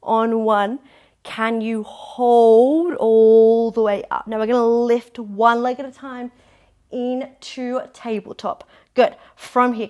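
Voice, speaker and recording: A young woman leading a pilates workout, encouraging and counting down reps. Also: fairly high pitch. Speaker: pilates instructor. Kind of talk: guided workout instruction.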